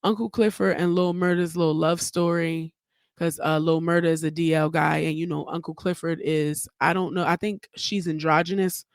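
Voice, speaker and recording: A woman's voice: sits low, fairly even intonation, moderate pace, dry recording, studio quality. A woman hosting her own podcast, giving blunt, profane, chatty commentary in a casual solo talk. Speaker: podcast host.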